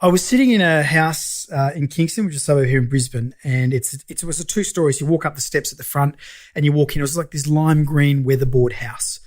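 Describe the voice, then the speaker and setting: A middle-aged Australian man, a guest on a business podcast, telling a story in casual chat and acting out the voices in it. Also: on the high side. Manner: animated storyteller, acts out dialogue.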